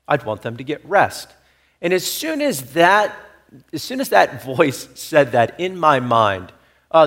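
A man's voice: medium pitch, a bit bright. A middle-aged man preaching a sermon as pastor, telling a personal story in an earnest, conversational way with frequent asides to the listeners.

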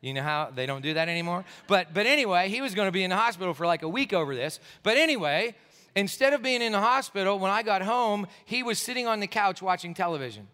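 A man's voice: high voice, quick pace, clear, resonant tone. A middle-aged male pastor from Pennsylvania, tired after a sleepless night, telling a story in a sermon and acting out the people in it. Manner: animated, acts out the people in his story. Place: church sanctuary. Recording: echoey church hall.

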